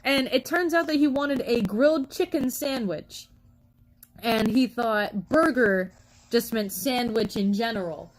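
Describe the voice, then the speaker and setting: A woman's voice: on the high side, a little slow, low-quality recording. A woman streamer chatting casually with her viewers, laughing often and answering chat.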